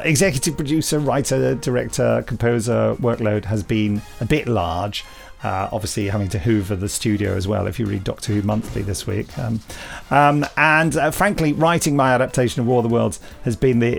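A man's voice: mid-range voice, vocal fry. A man hosting a podcast in casual chat, self-deprecating and playful, with frequent restarts. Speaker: podcast host and writer-director.

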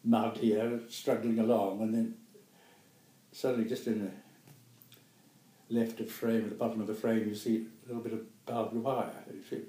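Elderly NZ man, eighties, low-ish voice, rambling chuckling memories, roomy echo. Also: little pitch movement, moderate pace, dark tone. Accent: New Zealand. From New Zealand. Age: 80s. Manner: rambling, chuckling, self-correcting. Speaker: guest actor. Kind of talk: reminiscing interview.

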